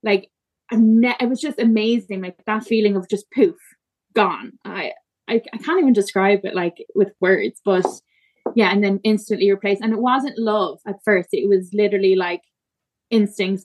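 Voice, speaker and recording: A woman on a podcast recounting her birth story, emotional and halting, with many fillers and restarts. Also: mid-range voice. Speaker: podcast guest. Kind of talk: personal storytelling in conversation.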